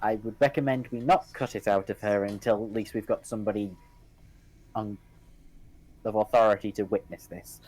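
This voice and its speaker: A man's voice: fairly low pitch, steady tone, normal speed, a little mellow, low-quality recording. A man playing in a tabletop game, cautious and hesitant, asking careful questions. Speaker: player. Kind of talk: casual tabletop game chat.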